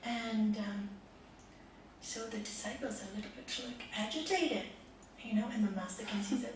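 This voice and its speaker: A woman meditation teacher giving a spiritual talk with stories to a small group, swinging between loud emphasis and soft, hushed asides. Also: on the high side, moderate pace. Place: meditation centre room with a group. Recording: echoey room, voice from a distance, faint hiss.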